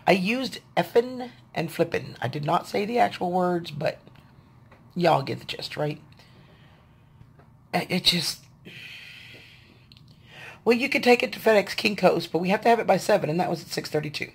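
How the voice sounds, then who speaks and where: A woman's voice: lowish voice, lively intonation, moderate pace, creaky, pauses often, husky. A woman, venting to her viewers in a casual video diary, sounding tired and frustrated. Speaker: vlogger.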